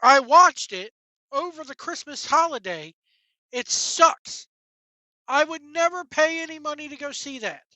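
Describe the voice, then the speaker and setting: A woman's voice: high voice, expressive, measured pace, sharp tone, no echo. A woman hosting a wrestling talk show, delivering a blunt, profane, exasperated solo rant. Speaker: wrestling commentary host. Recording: dull, dry lo-fi sound.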